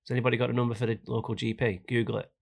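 A man's voice: medium pitch, little pitch movement, rapid-fire, vocal fry. A man co-hosting a casual banter podcast, rambling and slipping into mocking voices. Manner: rambling, mimics people in skits. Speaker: podcast co-host.

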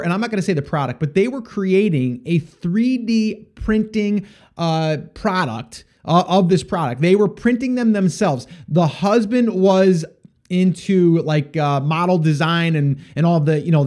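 A man's voice: a little high, a little mellow. A man hosting a podcast, answering listener questions in a casual, rambling way with many fillers and restarts. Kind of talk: casual solo podcast advice.

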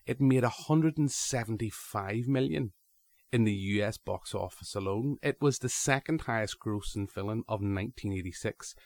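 A man's voice: lowish voice, moderate pace, darkish tone. A man hosting a podcast, chatting casually and animatedly, with frequent restarts. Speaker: podcast host.

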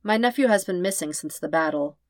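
A woman reading aloud and voicing a gentle, weary old man who speaks quietly and formally. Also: on the low side, lively intonation, brisk, no echo, lightly acted. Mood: grave.

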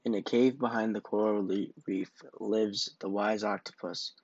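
A man voicing a helpful little starfish in whispered role-play, hushed and confiding. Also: lowish voice, steady tone, normal speed, breathy edge, no room sound, dull audio. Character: helpful small starfish, secretive.

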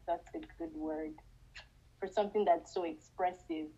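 A woman's voice: lowish voice, big pitch swings, moderate pace, warm tone, husky, highs cut off. A woman directing a drama rehearsal, giving hesitant, encouraging feedback. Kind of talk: casual feedback.

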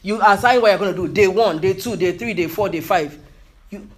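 High-voiced man preaching emphatically. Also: brisk. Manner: emphatic, repeats key phrases, calls out hallelujah. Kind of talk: motivational sermon.

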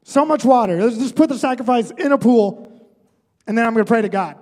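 A man's voice: very high voice, brisk, a little mellow, big-room sound. A man pastor voicing a bold prophet who cockily taunts his rivals in a sermon retelling. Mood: cocky. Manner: brash, playful.

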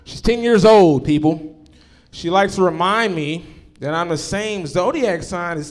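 Dude doing standup at a club, brash and crude, yells at hecklers. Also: male voice, high-pitched, expressive, measured pace. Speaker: stand-up comedian. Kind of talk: stand-up set. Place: comedy club stage.

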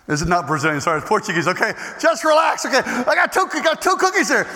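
High bright-voiced guy preaching a story sermon, goes loud then hushed, big echoey hall. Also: fast, hardly any pauses. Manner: animated, swings between loud outbursts and hushed tones.

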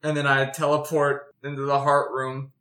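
A man playing in a casual tabletop game, eager and quick to act. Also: mid-range voice, monotone, pushed and bright. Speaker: player. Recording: roomy echo.

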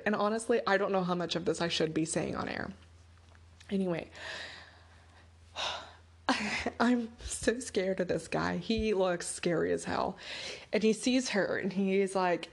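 A woman, middle-aged, telling a personal story on air in a casual, exasperated way, jumping from loud exclaims to hushed asides. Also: medium pitch, measured pace, breathy edge.

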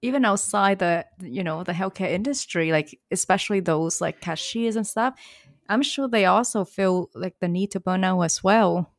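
A woman's voice: medium pitch, moderate pace, dry recording, clean studio sound. A woman pharmacist chatting casually, hesitant and full of fillers. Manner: hesitant, lots of fillers, laughs easily. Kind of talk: casual podcast chat.

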